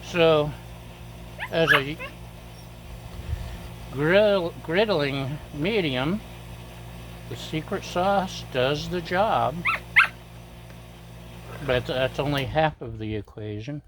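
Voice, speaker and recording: A man's voice: fairly high pitch, extremely slow, long pauses, background noise. A man casually demonstrating his cooking on a griddle, chatty and self-deprecating, tasting as he talks. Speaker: cooking vlogger.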